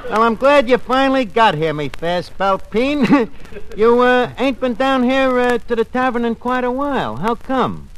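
A man's voice: extremely high pitch, big pitch swings, normal speed. A man in a brash, wisecracking manner with mangled grammar, in 1940s radio comedy style. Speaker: tavern manager character in radio comedy. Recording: noisy old radio broadcast.

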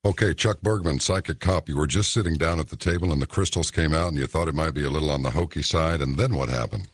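A man hosting a late-night radio talk show, interviewing a guest in a relaxed, conversational way. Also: very deep voice, quick pace, slightly rough, no echo, clean studio sound.

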